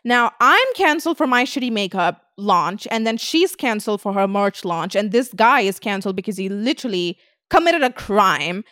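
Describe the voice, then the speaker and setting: A woman's voice: mid-range voice, expressive, normal speed, fairly bright tone, no room sound, clean studio sound. A young woman hosting a podcast, ranting bluntly and swearing a lot in casual chat. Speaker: podcast host.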